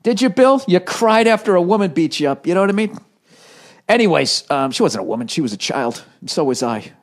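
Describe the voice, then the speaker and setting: A man's voice: high voice, big pitch swings, a little fast. A man in his forties, a comedian telling rambling, profane, self-mocking stories in casual conversation. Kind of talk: conversational storytelling.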